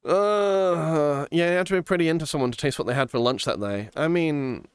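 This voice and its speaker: A man's voice: on the high side, moderate pace, smooth, no echo, clean studio sound. A man streaming live, chatting casually and playfully, giggling often and reading viewer comments aloud.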